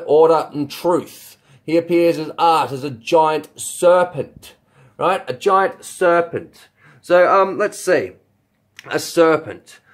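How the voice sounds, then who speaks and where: A man rambling through a vlog monologue, swearing often and firing rhetorical questions at himself. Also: on the high side. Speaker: video blogger.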